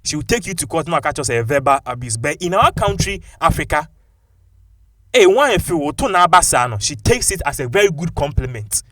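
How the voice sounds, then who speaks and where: A man with a Ghanaian English accent giving animated, opinionated commentary and mixing local-language phrases into his English. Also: a little high, fairly quick, no echo, clean studio sound.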